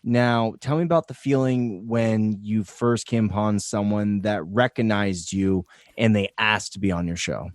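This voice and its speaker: A man's voice: lowish voice, a little slow, hardly any pauses, dry recording, studio quality. An American man co-hosting a podcast, asking questions casually and teasing with playful what-ifs. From United States. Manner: playful interviewer, teasing hypotheticals.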